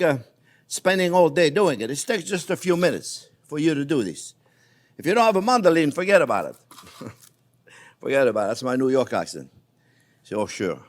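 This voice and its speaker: A middle-aged man talks viewers through a recipe in a loose, joking way. His voice sits a little high and swings widely up and down as he chats. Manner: chatty, playful, often says "friends" and "boom, boom". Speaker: chef host. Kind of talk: casual cooking demonstration.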